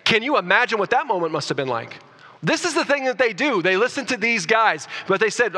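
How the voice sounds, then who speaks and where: A man preaching a sermon as pastor, animated, rising loud for emphasis and restarting his words. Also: high voice, fairly quick. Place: church sanctuary. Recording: long reverb of a church hall.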